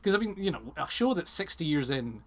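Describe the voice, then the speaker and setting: A man co-hosting a casual podcast, talking quickly and enthusiastically with lots of fillers. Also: on the high side, sing-song, a bit bright. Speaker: podcast co-host. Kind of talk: casual chat.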